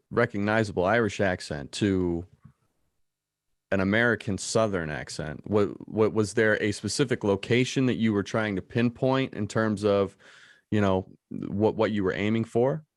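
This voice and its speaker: A man's voice: lowish voice, no echo, clean studio sound. A man hosting an interview podcast, asking long questions with many restarts and fillers. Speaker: podcast host. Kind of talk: casual interview chat.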